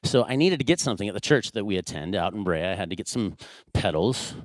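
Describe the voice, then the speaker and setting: A man with a fairly low voice tells a family story from the pulpit. He is animated and acts out the quoted lines. The sound is dry and close. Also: quick pace, no echo. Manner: animated storytelling, acts out his own raised dad voice. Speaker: church speaker. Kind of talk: sermon storytelling.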